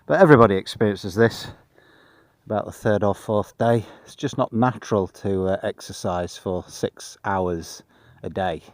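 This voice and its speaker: A tired man on a long cycling trip, talking outdoors in a dry, self-deprecating monotone as a casual travel vlog. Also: fairly low pitch, moderate pace, dry recording. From Britain. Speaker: vlogger.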